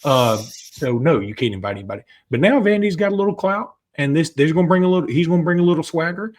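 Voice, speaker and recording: A man's voice: on the high side, animated, quick pace, a little mellow. A man co-hosting a sports podcast, talking casually and joking as he breaks down a game. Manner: chatty, joking, with restarts. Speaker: podcast co-host.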